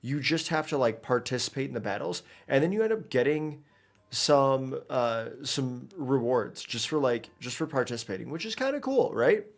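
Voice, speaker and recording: A man's voice: mid-range voice, animated, normal speed, gravelly. A man streaming a video game, talking casually and rambling with lots of fillers and restarts as he plays. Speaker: gaming streamer. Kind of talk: casual live gameplay commentary.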